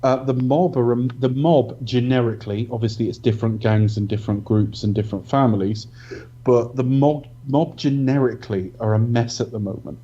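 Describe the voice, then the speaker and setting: A man co-hosting a film review podcast, talking in a measured, analytical way. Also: medium pitch, steady tone, warm tone, husky. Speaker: podcast co-host. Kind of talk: casual film review chat. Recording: dull lo-fi audio.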